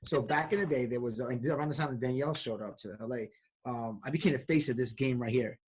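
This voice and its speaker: An upbeat, jokey man chatting as a podcast guest over a video call. He rattles along at a fast clip. His voice has a husky edge. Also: medium pitch, darkish tone. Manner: upbeat, jokey, talks in quick bursts. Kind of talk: casual chat.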